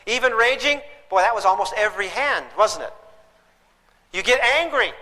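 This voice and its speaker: A man's voice: high-pitched, expressive, normal speed, bright, forceful tone, long reverb tail, low-quality recording. A man teaching a parenting class to a live audience, emphatic and throwing questions at them.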